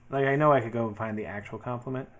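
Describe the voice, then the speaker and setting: A man talking casually through his design work as he goes, thinking aloud in a relaxed way with many fillers. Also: mid-range voice, very fast. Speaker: web developer building his portfolio. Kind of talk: casual screen-share commentary.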